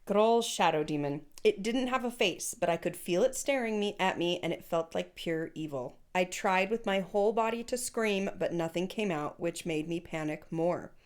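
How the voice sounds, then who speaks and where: A woman with a somewhat low voice chats on a podcast. She reads listener stories aloud and reacts with playful teasing. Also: normal speed, few pauses. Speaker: podcast co-host. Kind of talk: casual chat, reading listener stories aloud.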